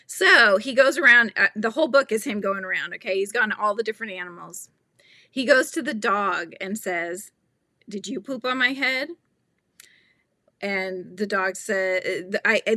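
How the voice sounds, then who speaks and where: A woman hosting a casual crochet livestream, giggly, animated and chatty as she talks to viewers. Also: medium pitch, no echo. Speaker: livestream host.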